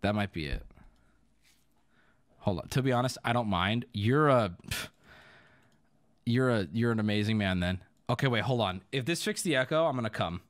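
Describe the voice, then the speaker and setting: A man's voice: fairly low pitch, expressive, normal speed, pauses often. A young man streaming live, flustered and swearing while he fixes his audio, breaking into laughter.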